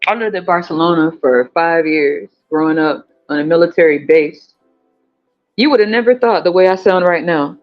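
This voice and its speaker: A podcast host from the US West Coast in a casual monologue, animated and profane, laughing often and jumping up in pitch. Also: normal speed. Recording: slightly muffled, faint music.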